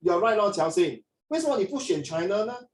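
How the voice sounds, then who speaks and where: A man, teaching a classroom lesson in an animated way and mixing in Mandarin. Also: high-pitched, brisk. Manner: animated, mixes in Mandarin, frequent "ah" tags. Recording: echoey classroom from a distance.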